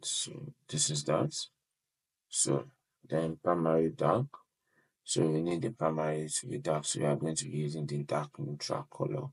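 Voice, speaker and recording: A man's voice: extremely low pitch, fairly even intonation, a little slow, vocal fry, darkish tone, breathy edge. A man hosting a web design tutorial, talking casually as he clicks through settings, starting most phrases with "so" and apologizing often. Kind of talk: casual screen-share walkthrough.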